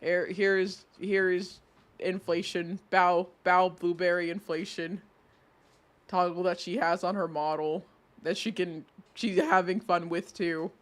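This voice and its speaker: Chatting with viewers at an unhurried pace, this streamer swings between low muttering and sudden high-pitched outbursts, sounding both excitable and exasperated in the casual conversation.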